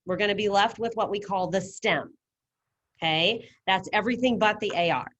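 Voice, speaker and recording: Speaking at a moderate pace with a medium-pitched voice, a woman leads a Spanish lesson online. She explains things step by step in a patient, encouraging way, heard through a computer mic on a video call.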